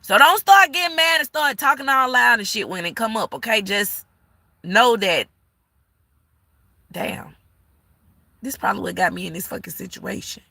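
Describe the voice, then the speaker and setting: A woman's voice: on the high side, animated, moderate pace, creaky, long pauses, bright, forceful tone, no echo. A woman giving a live-stream tarot reading, sassy and blunt, cursing freely and scolding the viewer like an auntie. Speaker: tarot reader.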